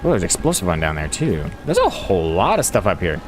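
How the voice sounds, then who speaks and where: With a deep voice, huge pitch swings and a quick pace, a man chats away to his viewers and himself while building in a game on stream, laughing frequently. Faint music sits behind him.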